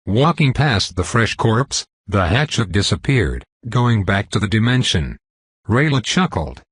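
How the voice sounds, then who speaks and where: Husky low male narrator. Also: very animated, a little slow, a bit bright, no room sound. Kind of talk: scripted narration.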